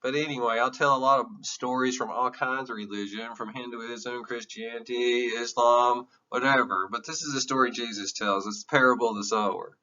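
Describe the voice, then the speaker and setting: A man's voice: mid-range voice, fairly even intonation, moderate pace, few pauses, bright, forceful tone, recorded from a distance, muffled recording. A man giving an emotional, earnest classroom lecture, candid and sometimes swearing. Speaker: teacher.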